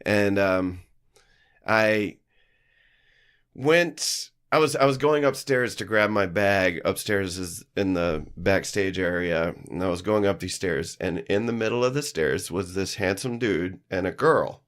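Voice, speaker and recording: Man, lowish voice, animated storyteller, swears freely, acts out the people he quotes. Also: a little slow. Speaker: podcast guest, musician. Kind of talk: casual storytelling chat. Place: live-streamed studio.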